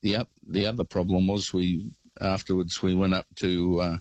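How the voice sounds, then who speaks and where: Deep-voiced older Australian caller. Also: male voice, flat delivery, normal speed, a little mellow, no echo, poor audio. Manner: rambling storyteller. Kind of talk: phone-in anecdote.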